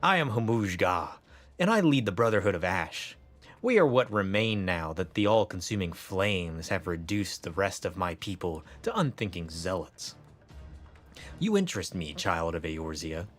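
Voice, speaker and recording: A solemn male rebel chieftain extends a formal invitation in a low, slow voice. A man reads the part plainly while streaming. Soft music plays behind. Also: sing-song, full character voice.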